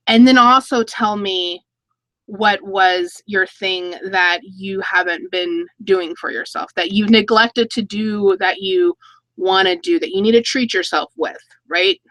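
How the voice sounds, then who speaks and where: A woman's voice: medium pitch, a bit bright, dry recording, poor audio. A woman in her thirties hosting a casual live-stream chat, reading viewer comments aloud and laughing between stories. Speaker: YouTube channel host.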